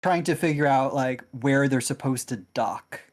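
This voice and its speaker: A man's voice: medium pitch, moderate pace. A man co-commentating a game stream, explaining things in a rambling, hesitant way. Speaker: tournament organizer and co-commentator.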